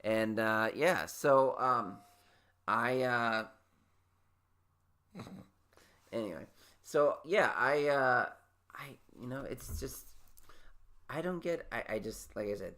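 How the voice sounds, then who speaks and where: A man's voice: mid-range voice, takes it slowly, long pauses, pushed and bright. A man hosting a podcast, talking casually in a rambling, candid way. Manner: rambling, self-interrupting, candid. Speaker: podcast host. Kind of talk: casual chat.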